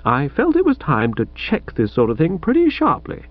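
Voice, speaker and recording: Animated man reading a comic novel. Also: on the high side, normal speed, lo-fi sound. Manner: animated, wry, mock-grand storytelling. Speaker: audiobook narrator.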